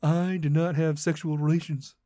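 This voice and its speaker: Man putting on a deep, drawled politician voice, mocking flat denial, dry close sound. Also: normal speed, no room sound, natural voice. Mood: denying.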